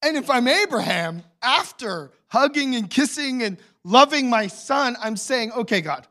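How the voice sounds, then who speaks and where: A man preaching a sermon as pastor, telling the story with swings between hushed and loud emotional delivery. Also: very high-pitched, lively intonation, unhurried, hardly any pauses.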